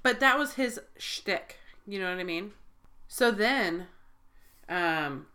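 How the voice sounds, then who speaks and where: A woman co-hosting a podcast in casual chat, animated and swearing often, slipping into quick impressions of people. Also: medium pitch. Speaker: podcast co-host.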